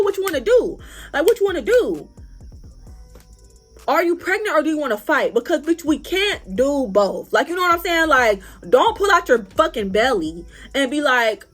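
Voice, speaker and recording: A young woman telling a story to her vlog audience in an animated, profane, casual way. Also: sits high. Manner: animated, profane, acts out other people's lines. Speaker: vlogger.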